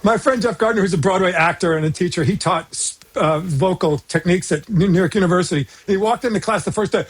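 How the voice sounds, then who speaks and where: Older american guy guesting on a podcast, kinda husky and high, laughs at himself a lot, rambles. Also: fairly quick, hardly any pauses. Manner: chuckling, self-deprecating, rambling. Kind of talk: casual conversation.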